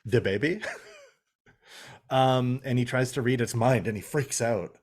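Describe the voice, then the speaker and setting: A man's voice: mid-range voice, a little slow, a little mellow. A young man co-hosting a podcast, recapping a TV episode in casual chat, swearing and acting out the characters' lines. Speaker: podcast co-host.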